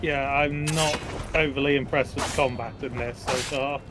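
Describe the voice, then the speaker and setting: A man's voice: mid-range voice, fairly even intonation, moderate pace, noisy background. A man chatting casually and joking dryly while streaming a video game. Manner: dry, joking. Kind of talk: casual gameplay chat. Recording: game sound playing underneath.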